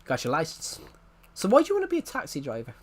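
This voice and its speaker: A man putting on a Southern American accent to play a brisk male taxi company interviewer who fires off questions. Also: fairly high pitch, wildly swooping pitch. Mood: questioning. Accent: American Southern, put on.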